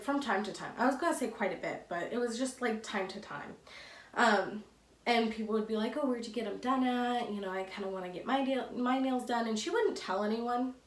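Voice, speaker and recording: A young woman rambles through a casual storytime, full of fillers and restarts. Her voice sits a little back from the mic. The room around her rings with echo. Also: fairly high pitch. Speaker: vlogger. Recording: roomy echo, a bit far from the mic.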